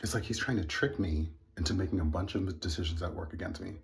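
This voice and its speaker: A man's voice: sits low, fast talker, creaky. A man telling a personal story in a casual monologue, earnest and indignant with wry laughs. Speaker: vlogger.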